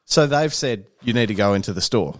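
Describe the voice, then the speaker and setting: Low-voiced Australian man telling a story. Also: expressive, fairly quick. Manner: swears often, acts out quoted dialogue. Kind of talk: casual chat.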